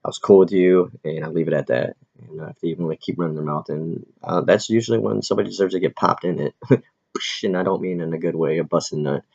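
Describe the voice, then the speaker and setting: A man who is an aspiring comedian, ranting in a rambling, profane, quick-tempered way as he vlogs in a big city. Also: deep voice, creaky, darkish tone. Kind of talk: casual rambling rant. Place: big city, in or near Manhattan. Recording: dull lo-fi recording.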